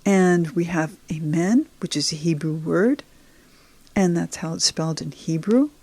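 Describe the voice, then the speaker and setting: Slow, patient woman teaching. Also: fairly low pitch, a little mellow, no echo. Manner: encouraging, speaks to the viewer directly. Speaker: Hebrew teacher. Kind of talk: slow, patient lesson narration over slides.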